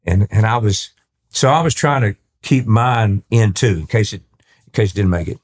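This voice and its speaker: This older man from East Texas, a country singer, is a guest on an informal interview podcast where he tells lively stories and plays out the dialogue, often restarting mid-thought. His pitch is fairly low and his speed is normal.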